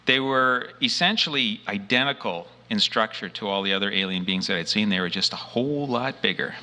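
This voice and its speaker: A man with a low-set voice and a bright, cutting edge to it tells his own story earnestly and with force. He leans into the key words and slips into the lines he spoke back then. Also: brisk. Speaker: abduction experiencer. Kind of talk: first-person testimony.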